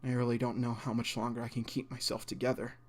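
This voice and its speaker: A man voicing a weary, withdrawn teenage boy who speaks slowly and flatly in a subdued way. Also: mid-range voice, lightly acted. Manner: slow, flat, subdued.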